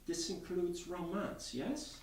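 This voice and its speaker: A man voicing a cool, elegant middle-aged woman with a Russian accent, speaking softly and slowly. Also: high voice, slight background noise, voice pushed up. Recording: roomy bookstore from far off.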